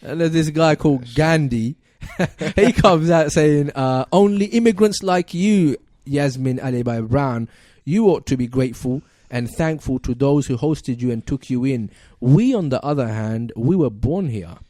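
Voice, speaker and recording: A man's voice: medium pitch, a little slow, hardly any pauses, dark tone, no room sound, studio quality. Chatty sarcastic male radio co-host. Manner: laughing, sarcastic, reads tweets aloud with many fillers. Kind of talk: casual current affairs chat.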